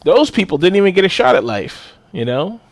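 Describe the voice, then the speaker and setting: A man's voice: high-pitched, big pitch swings, a little fast, no room sound. A man co-hosting a podcast in casual chat, blunt and profane, laughing often. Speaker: podcast co-host.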